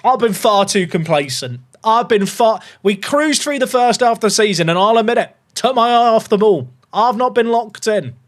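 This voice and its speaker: An animated man in his thirties talks to his live-stream viewers as he plays. His voice sits high for a man and leaps around in pitch, drifting from easy chatter into theatrical panic. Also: normal speed, hardly any pauses. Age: 30s. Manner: animated, swings between chatty and mock panic. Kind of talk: live-stream gaming chat.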